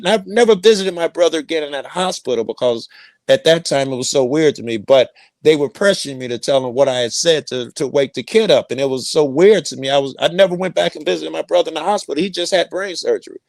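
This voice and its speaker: A man's voice: mid-range voice, fast, vocal fry, no echo. A middle-aged man telling a rambling personal story, profane and repeating himself. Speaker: guest storyteller.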